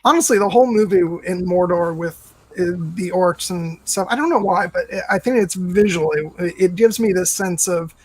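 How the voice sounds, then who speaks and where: A man's voice: sits high, normal speed, low-quality recording. A man hosting a casual film discussion podcast, talking enthusiastically and quoting favorite lines. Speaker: podcast host.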